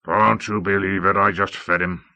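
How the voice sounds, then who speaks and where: A man voicing a gruff old lord commander who growls out commands, on a dull old tape. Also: deep voice, little pitch movement, normal speed, bright, forceful tone, exaggerated voice.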